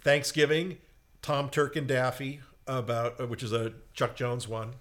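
A man chatting casually, an animated storyteller who recounts old cartoon plots with feeling. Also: unhurried. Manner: animated storyteller, acts out squeaky cartoon voices in quotes. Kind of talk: casual chat.

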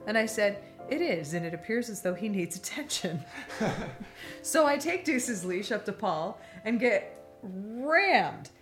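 A middle-aged woman telling a long, animated anecdote on a talk show. She laughs often and acts out the voices of the people in her story. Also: mid-range voice, slow, soft background music.

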